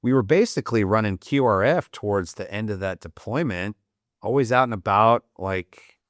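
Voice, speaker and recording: Low-voiced, blunt-talking veteran man. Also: moderate pace, no echo, clean studio sound. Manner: profane, blunt, matter-of-fact. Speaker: podcast guest, Marine veteran. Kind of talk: casual war storytelling.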